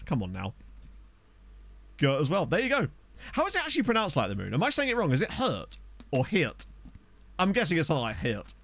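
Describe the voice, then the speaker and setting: A man's voice: on the high side, dry recording. Chatty man streaming a game. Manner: chatty, excitable, reads chat aloud. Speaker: gaming streamer. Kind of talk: live gameplay commentary. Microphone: desk USB microphone.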